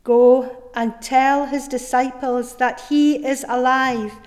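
A middle-aged woman preaches an Easter sermon at an unhurried pace, her voice sitting slightly high. She tells her story earnestly, often sinking soft on repeated words, and a long reverb hangs in the church. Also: flat delivery.

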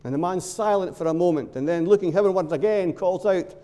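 Male preacher, mellow voice, storytelling sermon, long hall echo. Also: sits high. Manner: storytelling, dramatic pauses and short emphatic phrases. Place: church. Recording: long reverb of a large hall.

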